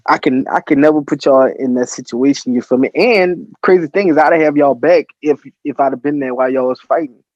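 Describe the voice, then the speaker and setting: A man, a podcast guest swapping stories in casual chat, relaxed and rambling. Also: a little high, brisk, no room sound, dull audio.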